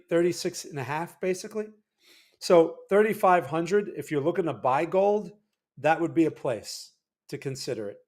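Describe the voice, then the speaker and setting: A man's voice: on the high side, a little mellow. New Jersey man talking through charts. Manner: loose, conversational, frequent restarts and "right?" check-ins. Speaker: market analysis livestream host. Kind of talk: casual livestream chart commentary.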